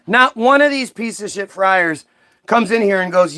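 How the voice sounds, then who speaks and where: A man's voice: high-pitched, animated, moderate pace, sharp tone, clear, resonant tone. A man hosting his own channel in a heated, profane commentary rant, firing off rhetorical questions. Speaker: commentary host. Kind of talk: ranting commentary.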